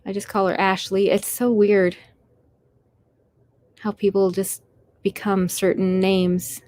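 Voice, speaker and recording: A woman's voice: medium pitch, flat delivery, takes it slowly, a little mellow. A Canadian woman with a Canadian accent, hosting a casual live stream, tired and rambling as she answers her chat with small apologies.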